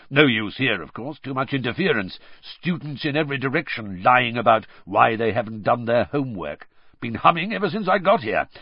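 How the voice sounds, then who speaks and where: A man voicing a gruff, suspicious old male wizard who talks in clipped growls, in a muffled lo-fi recording. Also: mid-range voice, no room sound.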